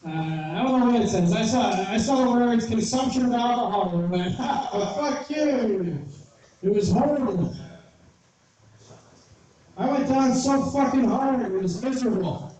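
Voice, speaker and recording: A man's voice: high-pitched, warm tone. A man casually telling a story, profane and exasperated, acting out the people he quotes. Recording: roomy echo from far off with faint noise.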